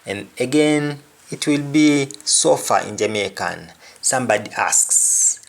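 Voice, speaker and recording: A man's voice: mid-range voice, lively intonation, slow pace, creaky, few pauses. A man teaching a spoken language lesson, repeating each word and example phrase twice.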